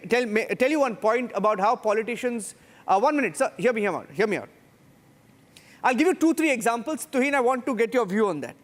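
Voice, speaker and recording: A man anchoring a televised panel debate, forcefully cutting in to take the floor. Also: very high-pitched.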